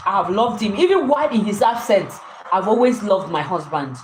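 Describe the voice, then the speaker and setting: A woman's voice: medium pitch, lively intonation, brisk, echoey room, slight background noise, poor audio. A woman co-hosting a live anniversary stream from home, talking emotionally to viewers and often repeating herself. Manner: emotional, repeats and restarts phrases.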